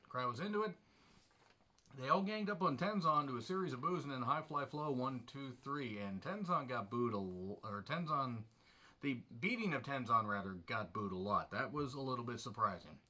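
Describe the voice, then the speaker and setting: Man, wrestling reviewer, sarcastic, blunt, swears a lot, crisp bright tone. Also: medium pitch. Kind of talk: casual solo review.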